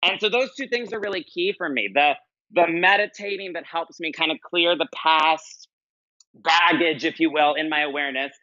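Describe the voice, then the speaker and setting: Earnest bright-voiced man, coaching talk. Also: a little high, normal speed, dry recording, muffled recording. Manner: earnest, emphatic, repeats key phrases. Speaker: podcast guest, life coach. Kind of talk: conversational interview storytelling.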